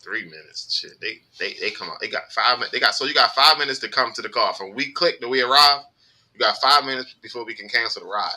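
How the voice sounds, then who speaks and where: A man telling rideshare-driving stories on a podcast, animated and full of profanity. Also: mid-range voice, fast talker, poor audio. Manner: animated storytelling, heavy profanity. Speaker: podcast host, rideshare driver. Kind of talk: casual chat.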